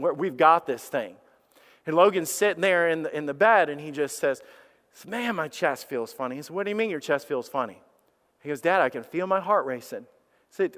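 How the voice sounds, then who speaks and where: A middle-aged man preaching a sermon, telling a personal story with animated restarts and acted-out quotes. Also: on the high side. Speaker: pastor. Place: church sanctuary. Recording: reverberant church hall.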